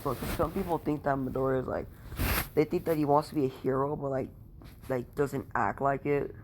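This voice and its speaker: A man's voice: mid-range voice, steady tone, brisk. Guy rambling through a fan story he's making up, lots of you know and like, cusses a bunch, bit of hiss. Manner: rambling, full of "you know" and "like", swears freely. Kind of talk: casual improvised fan-fiction storytelling.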